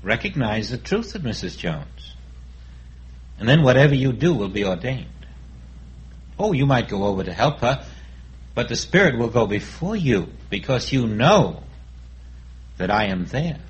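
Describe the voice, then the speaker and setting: A man giving a sermon as a spiritual teacher, speaking in a calm, reflective way and acting out inner dialogues. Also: mid-range voice, unhurried, long pauses, lo-fi sound.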